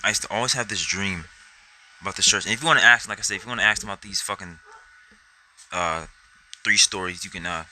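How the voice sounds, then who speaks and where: A man's voice: sits low, bright, forceful tone, a little hiss or hum, low-quality recording. Swearing young man rambling through a story. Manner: rambling, heavy swearing, acts out quotes. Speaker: vlogger. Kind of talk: casual storytelling to camera.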